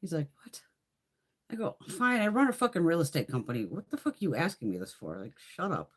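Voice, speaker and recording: A woman in her fifties chats on a makeup livestream, swearing freely and laughing through her stories. Her voice sits low, yet it swings widely in pitch as she tells them. She breaks off now and then to answer viewers' comments. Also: big pitch swings, a little fast. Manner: profane, blunt storytelling with frequent laughs. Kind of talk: casual livestream chat.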